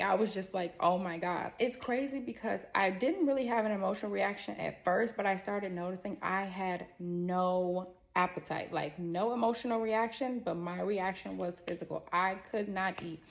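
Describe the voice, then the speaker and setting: A woman telling her own story to viewers in a casual, animated way, acting out the people she quotes and swearing freely. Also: medium pitch, vocal fry. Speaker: storyteller sharing a personal health scare.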